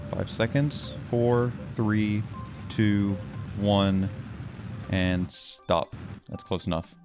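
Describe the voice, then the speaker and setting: A man giving casual let's-play commentary, excitable and talking himself through each move of a game. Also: on the low side. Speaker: gaming video host.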